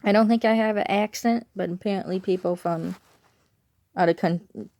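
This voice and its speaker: A woman's voice: medium pitch, moderate pace, creaky, mellow, no echo. A woman with a Chicago accent chatting casually to camera at home, rambling and correcting herself as she goes. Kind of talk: casual vlog chat.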